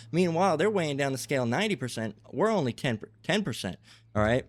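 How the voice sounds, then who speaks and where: A man's voice: medium pitch, lively intonation, fairly quick, no echo. A man giving a rambling religious lecture, tagging his points with "okay?" and "all right?". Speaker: religious teacher.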